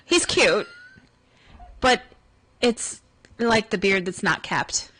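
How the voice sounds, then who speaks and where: A woman's voice: mid-range voice, very animated, slow pace, sharp tone. A woman hosting a casual studio radio chat, reading dating profiles aloud with playful, wry asides. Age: over 33. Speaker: radio show host.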